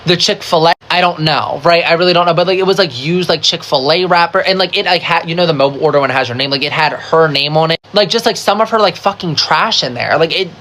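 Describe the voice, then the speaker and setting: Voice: mid-range voice, quick pace, hardly any pauses, slight background noise. A storyteller in a casual storytime video. They swear a lot, fill every sentence with "like," and retell the story dramatically, acting out what other people said. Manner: chatty, swears a lot, constant "like" fillers; dramatic, animated retelling with quoted voices.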